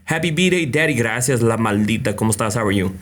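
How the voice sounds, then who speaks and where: A young man hosting a casual livestream, greeting viewers by name with lots of fillers and quick Spanish greetings. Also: mid-range voice, expressive. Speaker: livestream host.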